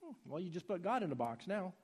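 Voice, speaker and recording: A man preaching a sermon in a husky voice, swinging from soft pleading to loud urging. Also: high voice, sing-song, fast.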